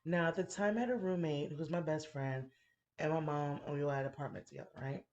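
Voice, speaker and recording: A woman's voice: low voice, fairly even intonation, quick pace, darkish tone, lo-fi sound. A woman in her thirties telling a frank, profane story on a casual chat show. She laughs often and talks in a playful way. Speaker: podcast host telling a story.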